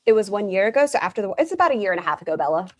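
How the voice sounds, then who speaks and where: A woman's voice: medium pitch, very animated, very fast, no room sound. Woman streamer doing reaction commentary, dry mocking tone, close dry mic.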